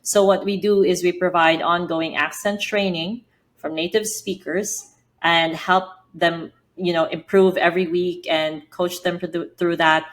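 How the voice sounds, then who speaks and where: Filipino-accented woman, lowish voice. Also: fairly even intonation, unhurried. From Philippines. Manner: earnest and explanatory, with frequent fillers. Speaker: podcast guest, business founder. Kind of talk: interview answers.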